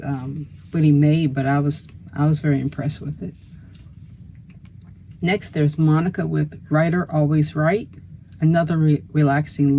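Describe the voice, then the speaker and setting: This is a mellow, darker-toned voice at a middle pitch, belonging to a pen and stationery reviewer. The delivery is casual show-and-tell chat. It is easygoing and meandering, with frequent small restarts mid-sentence. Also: slight background noise, rough recording.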